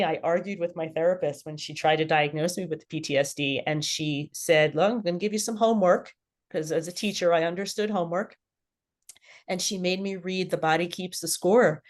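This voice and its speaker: A middle-aged woman, a podcast guest, telling her personal story candidly and with animation. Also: on the low side. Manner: candid, animated, laughs at herself.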